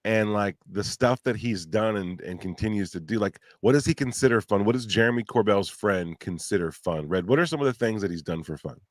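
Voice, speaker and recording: A man's voice: on the low side, brisk, few pauses, no room sound, studio quality. A man co-hosting who bounces sarcastic, mock-amazed banter off the host.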